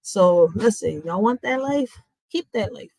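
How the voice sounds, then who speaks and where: A woman talks bluntly to her viewers while reacting to a news clip. Her voice sits mid-range and the room sounds dry and close. She keeps a chatty, animated tone. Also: mid-range voice, a little slow, gravelly, dry recording, rough recording. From Philadelphia, USA. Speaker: host of a reaction channel. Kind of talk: casual reaction commentary.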